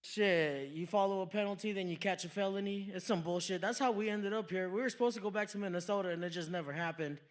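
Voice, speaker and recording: Young man, stand-up comic, high voice, laid-back storytelling, club stage mic. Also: fast talker, hardly any pauses. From New Mexico, USA. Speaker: stand-up comedian. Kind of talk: stand-up comedy set.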